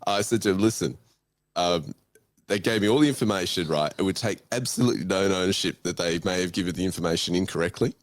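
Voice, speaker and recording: A man's voice: low-pitched, quick pace, no room sound. A man on a casual panel chat, telling stories expressively and laughing through his complaints.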